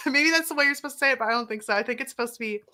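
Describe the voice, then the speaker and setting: A woman's voice: high voice, huge pitch swings, very fast, pushed and bright. A woman with an Appalachian accent, chatting casually as co-host and rambling through stories with lots of fillers. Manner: rambling, filler-heavy storytelling. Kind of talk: casual chat.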